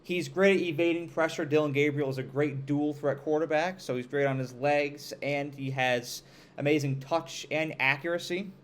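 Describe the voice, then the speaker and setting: A man with an upstate New York accent hosting a college football show, talking to camera with energetic, emphatic hype. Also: fairly high pitch, normal speed. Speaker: sports show host.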